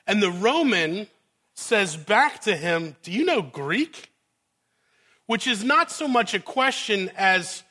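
Male pastor, chatty sermon delivery, high bright voice, keeps asking the room "right?". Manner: conversational, asks the audience "right?" often, dramatizes the scene.

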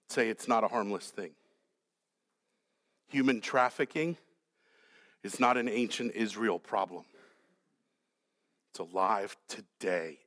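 A man's voice: medium pitch, a bit bright. A male pastor preaching a sermon in a dramatic, questioning way, acting out the characters.

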